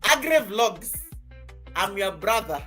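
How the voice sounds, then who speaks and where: A woman from Kenya teaching creators on a live stream, lively and teasing, laughing often. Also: mid-range voice, takes it slowly, faint music behind. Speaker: YouTube coach hosting a live stream.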